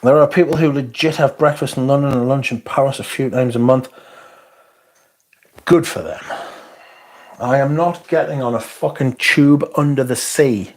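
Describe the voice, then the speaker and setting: A man's voice: medium pitch, a little slow, pauses often. A man hosting a casual livestream, reading out viewer comments and answering them in a blunt, sweary, sardonic way. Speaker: livestream host.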